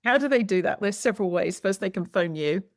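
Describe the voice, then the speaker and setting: A woman's voice: mid-range voice, animated, fast, dry recording, clean studio sound. A woman guest in an interview, explaining her work in an emphatic, lecturing way and stressing key words. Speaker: guest, movement educator. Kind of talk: interview conversation.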